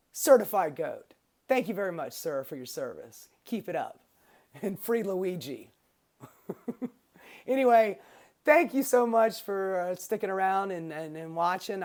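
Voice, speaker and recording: A woman YouTube commentator ranting casually and profanely about the news. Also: medium pitch.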